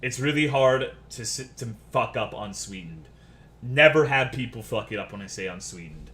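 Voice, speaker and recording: A man's voice: medium pitch, expressive, normal speed, fairly bright tone. A man streaming, telling a story as a casual rant, profane, sarcastic and exasperated.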